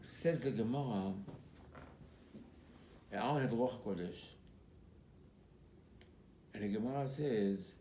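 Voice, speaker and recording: A man who is a rabbi, giving a Torah class as an animated storyteller who acts out quotes and repeats his key points. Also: medium pitch. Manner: emphatic, repeats key phrases. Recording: roomy recording with faint background noise.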